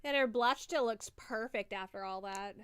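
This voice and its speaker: A woman streamer giving chatty, excitable live commentary over a film, swearing when she gets worked up. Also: on the high side, normal speed, smooth, no echo.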